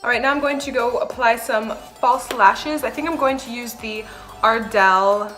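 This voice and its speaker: A young woman chatting through a makeup tutorial, explaining each step in a relaxed, talkative way with the odd light laugh. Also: a little high, normal speed. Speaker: beauty vlogger. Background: background music.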